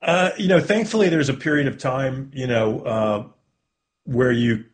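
A man, a film director, being interviewed over the phone, speaking hesitantly and filling pauses with "you know". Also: medium pitch, animated.

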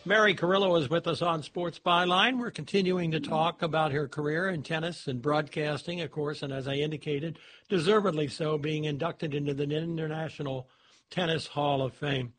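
Husky-voiced male radio host. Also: fairly high pitch, fairly even intonation, normal speed, a bit bright. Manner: conversational, with fillers and restarts. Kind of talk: radio interview.

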